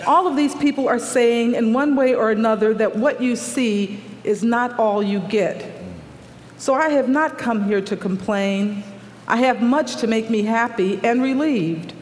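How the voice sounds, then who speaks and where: A man reading a prepared essay aloud on stage, in an earnest, measured way. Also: very high-pitched. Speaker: guest speaker reading a written text aloud. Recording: echoey hall with long reverb.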